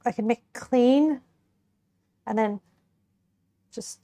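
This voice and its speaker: Speaking slowly in a fairly high, mellow voice, a young woman cooks and tastes a pie on her stream. She chats casually with viewers while eating, giggling every so often.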